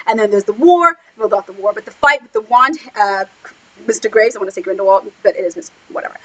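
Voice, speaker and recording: A woman chatting casually in a film review vlog, gushing and excitable, full of "like" fillers, acting out quotes with sudden squeals. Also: brisk, poor audio. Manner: acts out quotes with sudden high squeals and whispers. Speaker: book blogger reviewing a film. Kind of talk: casual chat.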